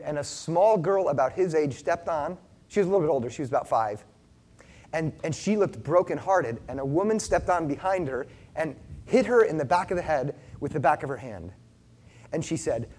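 A middle-aged male pastor giving an earnest sermon, telling a personal story, shifting between loud and hushed. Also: on the high side, husky.

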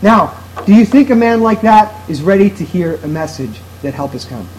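A man's voice: high voice, animated, moderate pace, a little mellow, poor audio. A man preaching a sermon to his congregation in an earnest, emphatic way, driving his points home through repetition. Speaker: pastor.

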